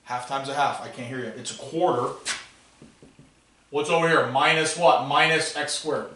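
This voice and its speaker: A man teaching a classroom math lesson, animated and playful, asking students questions as he works. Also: medium pitch, normal speed, a little hiss or hum. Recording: echoey classroom, voice from far off.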